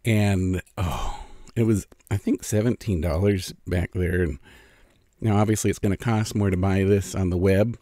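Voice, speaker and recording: A middle-aged man chats casually through an eating vlog, pausing to savor each bite. His voice sits a little low. The sound is dry and close, as if the mic is right beside him. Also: fairly even intonation, mellow, no echo. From California. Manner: chatty, savoring food between remarks. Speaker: food vlogger.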